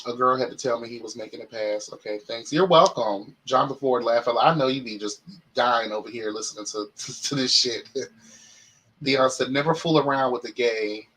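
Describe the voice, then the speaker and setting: A young man hosting a casual chat show, telling a story in a flamboyant, sassy, animated way and speaking straight to his listeners. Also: mid-range voice, moderate pace, a little hiss or hum, poor audio. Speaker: podcast host.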